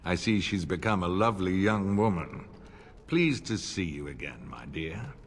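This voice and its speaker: An actor playing an older noble vassal lord in a fantasy game, formal, polite and deferential. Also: male voice, low-pitched, animated, normal speed, slight background noise. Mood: courtly. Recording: game audio with reverb.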